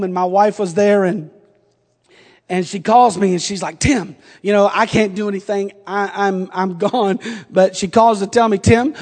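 High-voiced preacher in a reverberant church. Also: male voice. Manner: swings from quiet storytelling to shouted preaching. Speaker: pastor. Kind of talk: sermon. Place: church sanctuary.

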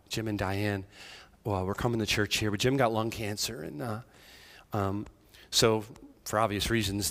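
Conversational pastor preaching, hushed to emphatic. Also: male voice, fairly low pitch. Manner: conversational, swings from hushed near-whispers to raised emphatic preaching. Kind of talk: sermon.

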